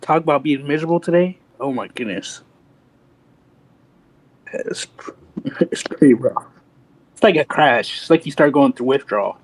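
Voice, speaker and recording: A man's voice: medium pitch, expressive, moderate pace, long pauses, low-quality recording. A man in a casual online chat, talking in a laid-back, joking way.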